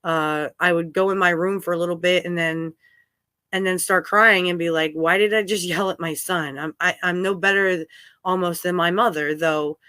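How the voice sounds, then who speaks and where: A woman's voice: lowish voice, steady tone, normal speed, pushed and bright, clean tone, dry recording, clean studio sound. A woman in her thirties hosting a candid podcast chat, talking openly and at length with many fillers. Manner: rambling, open, with frequent fillers. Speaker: podcast host. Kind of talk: candid conversational talk.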